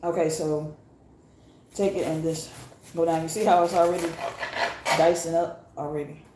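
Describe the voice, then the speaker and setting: A woman's voice: low-pitched, steady tone, normal speed, noisy background. A woman casually showing how she cooks in her home kitchen, chatting and laughing as she chops. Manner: chatty, laughing, exclaiming while chopping. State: teary-eyed from onion fumes. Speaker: cooking vlogger. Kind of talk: casual cooking demonstration. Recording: echoey kitchen with loud clatter of dishes. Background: dishes, pots and pans clattering.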